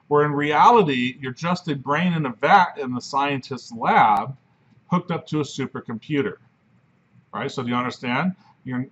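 Male professor, conversational lecture, slightly husky, dull recording. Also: medium pitch, fairly bright tone. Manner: conversational, frequent "right?" checks. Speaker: philosophy professor.

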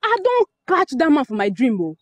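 A feisty young village girl with a Nigerian Pidgin accent. She mocks and stands her ground. Her voice is high and lively, recorded dry and close. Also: brisk, no room sound. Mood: defiant. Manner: mocking, defiant.

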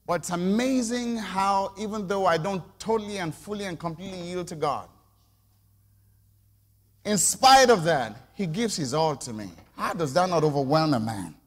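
In a church sanctuary full of long reverb, a middle-aged man gives a conversational sermon and repeatedly invites the congregation to respond. His high voice has lively intonation and moves at a normal speed.

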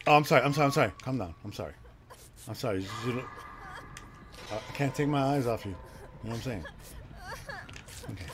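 A man's voice: medium pitch, expressive, fairly quick, pauses often, background noise. A man streaming a horror game live, chatting with viewers, swearing casually and yelping at the scares. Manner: jumpy, yelps and laughs at scares, chats with viewers.

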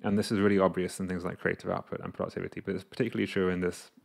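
A man's voice: sits low, little pitch movement, rapid-fire, creaky. A man talking casually to camera as a coach, explaining an idea through his own examples and acting out his inner voices. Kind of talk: casual reflective monologue to camera.

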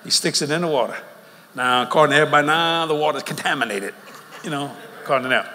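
A drawling older man with a Louisiana accent delivers funny, folksy sermon stories at a fast clip, his voice a little high and sharp in tone. Recorded in a big meeting hall, the audio is reverberant with faint ambience and a bit of hiss or hum.

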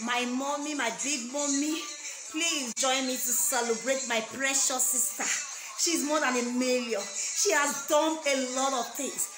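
A woman giving an excited birthday video message for her sister, with frequent exclamations. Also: high voice, unhurried. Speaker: well-wisher. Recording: echoey room, loud music behind.

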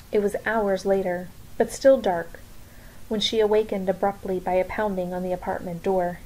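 A woman reads a novel aloud in a calm, measured way. Her voice is mellow and warm, with a faint hiss of noise behind it. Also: medium pitch, low-quality recording. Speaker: reader. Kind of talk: audiobook narration.

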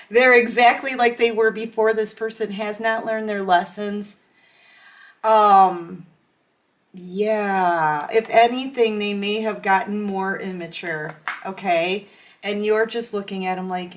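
Slow-talking chatty woman tarot reader. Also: medium pitch. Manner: chatty, acts out imagined dialogue with laughs. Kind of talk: casual tarot reading to camera.

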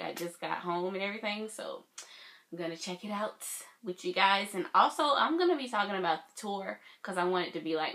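A young woman vlogging casually, gushing and excitable, with lots of filler words. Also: fairly low pitch. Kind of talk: casual reaction vlog.

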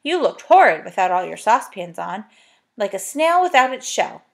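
A woman's voice: medium pitch, very animated, normal speed, creaky. A woman reading a storybook, voicing a patient, cheerful young girl. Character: bright, friendly young girl.

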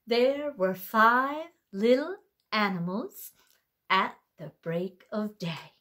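Lively sing-song storytime woman. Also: mid-range voice, takes it slowly. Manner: sing-song, gentle and playful with a baby doll. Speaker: library storytime leader. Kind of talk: toddler rhyme time.

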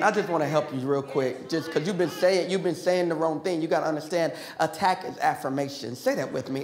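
High-voiced man preaching in echoey church. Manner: call-and-response preaching, builds to shouting; folksy, joking asides. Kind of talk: sermon. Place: large church auditorium. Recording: echoey church hall with faint music.

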